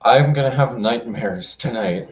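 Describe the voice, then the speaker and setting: A man's voice: medium pitch, a little slow. Jittery young man streaming a game. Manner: jittery, freaked-out reactions. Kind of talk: let's play commentary. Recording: echoey room.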